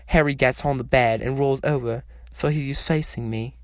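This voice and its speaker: A man reading fan fiction aloud as a storyteller, in a slow, measured way. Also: medium pitch, steady tone, no room sound, studio quality.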